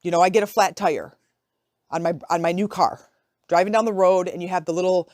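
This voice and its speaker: A woman's voice: lowish voice, fairly even intonation, fairly quick, darkish tone, no echo, studio quality. A woman in her forties, a podcast host, talking in a chatty, reflective way and often checking in with her listener. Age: 40s. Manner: chatty and conversational, often asking "right?". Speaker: podcast host, life coach. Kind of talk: casual reflective podcast monologue.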